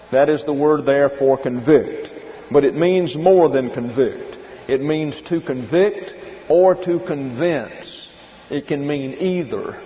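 A man with a somewhat high voice preaches a teaching sermon, working through scripture verse by verse and breaking down Greek terms. The recording is dull and lo-fi, with a long hall reverb and a faint hiss behind him. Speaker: pastor. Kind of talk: expository sermon.

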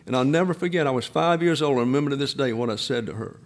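Elderly male pastor in his eighties, folksy digressive sermon delivery, mid-pitched voice. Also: fast talker. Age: 80s. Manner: folksy, digressive storytelling with frequent restarts.

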